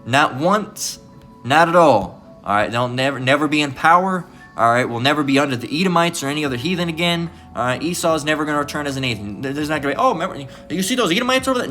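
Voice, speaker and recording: A man's voice: mid-range voice, bright, forceful tone. Emphatic profane preacher man. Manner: emphatic and profane, repeats "all right?" constantly. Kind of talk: informal preaching lesson.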